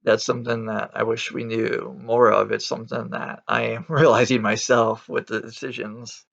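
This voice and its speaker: A man with a gravelly, creaky voice talks through a casual vlog, rambling and restarting as he goes, blunt and frank. The recording sounds dull and lo-fi. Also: mid-range voice, little pitch movement, moderate pace, a bit bright. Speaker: Christian vlogger. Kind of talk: casual reflective vlog monologue.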